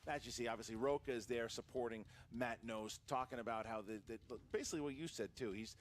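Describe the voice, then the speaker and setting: A man's voice: medium pitch, fast talker, a little hiss or hum. A man commentating a trivia competition in wrestling-promo style, hyping up the storylines. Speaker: match commentator.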